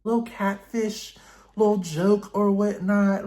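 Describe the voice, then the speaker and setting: A man's voice: fairly even intonation, measured pace, mellow, rough recording. Sassy, gossipy man recapping a show. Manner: sassy, gossipy, slangy, swings high for emphasis. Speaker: recap vlogger. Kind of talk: casual reality-show recap commentary.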